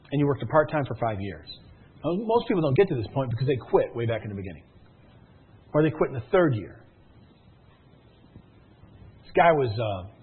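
A man delivers a motivational talk with a husky, grainy voice that swings widely up and down in pitch. He drives his points home through repetition and stories. The sound is thin and tinny, as if heard over a phone line. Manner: emphatic, repetitive, storytelling, rising and falling intensity. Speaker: motivational speaker at a sales meeting. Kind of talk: motivational speech to a live room.

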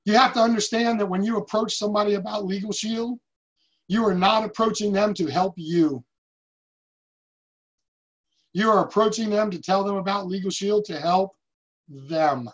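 A man's voice: high-pitched, moderate pace. Emphatic man, motivational talk. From United States. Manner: emphatic, storytelling with acted-out quotes. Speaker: sales team leader. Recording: dull lo-fi recording.

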